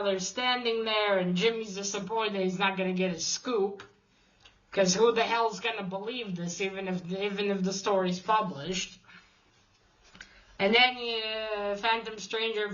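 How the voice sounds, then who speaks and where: A woman recaps a comic book story in loose, casual talk, cursing freely and tossing off quick character voices. Her pitch sits at an ordinary middle for a woman. The recording sounds dull and lo-fi. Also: fairly bright tone. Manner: chatty, swears often, reads quotes in quick put-on voices.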